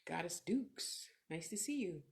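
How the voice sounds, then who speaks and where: This middle-aged clairvoyant medium from California has a lowish, gravelly, darkish voice that's animated but a little slow. She answers viewers on her livestream of motivational talk and readings, speaking candidly in short, reflective bursts and swearing freely.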